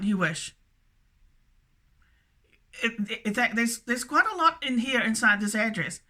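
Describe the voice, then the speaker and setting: A woman talks alone to the camera in a loose, rambling monologue, with a voice that is strikingly bright and sharp. She stumbles over repeated words and keeps circling back with the same stock phrase to confirm herself. Her pitch sits in the middle for a woman. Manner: repetitive, stammering, keeps saying "that's correct". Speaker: video blogger.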